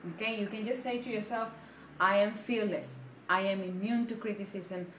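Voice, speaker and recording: An earnest, affectionate woman presenting a motivational self-help talk to camera. She keeps checking in with her listeners and answers her own questions as she goes. Her voice sits at a medium pitch, recorded in a roomy, echoey space with a faint hiss behind it. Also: steady tone, normal speed. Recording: echoey room with faint background noise.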